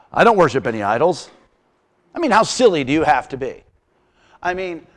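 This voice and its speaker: Animated, high-voiced male pastor preaching. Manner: animated, humorous storytelling with acted-out quotes. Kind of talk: sermon.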